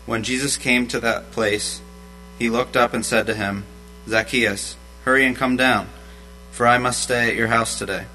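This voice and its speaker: A man reading a Bible passage aloud in a steady, measured way to a church congregation. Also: medium pitch, poor audio. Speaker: scripture reader. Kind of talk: scripture reading. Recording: faint mains hum.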